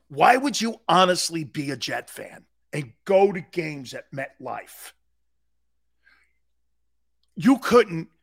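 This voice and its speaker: An American sports radio host with a notably high, husky voice rants loudly and with humor. He bursts into the shouted voices of furious fans, then drops back to his own chatty, animated delivery.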